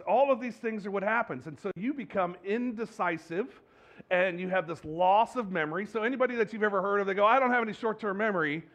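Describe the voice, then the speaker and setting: A man with a fairly high voice preaches a sermon as a pastor, talking to his congregation as if chatting with them. He throws out rhetorical questions, trips over words and laughs off his own slips. The sound is dull and lo-fi, with the top end rolled off. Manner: stumbles and restarts, jokes at his own slips.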